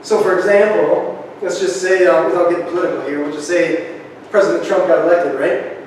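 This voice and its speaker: A man giving a lively workshop talk to a live group, often checking in with "right?", recorded on a distant camera. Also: sits high, fairly quick, slight background noise. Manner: energetic, keeps asking "right?". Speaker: presenter. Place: large echoey room. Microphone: camera far from speaker. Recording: echoey hall, distant camera.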